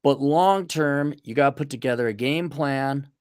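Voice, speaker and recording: A man's voice: medium pitch, normal speed, clear, resonant tone, dry recording, studio quality. A man hosting a casual advice monologue, blunt and sardonic, with mocking asides. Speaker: podcast host. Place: on a trip during a motorcycle rally.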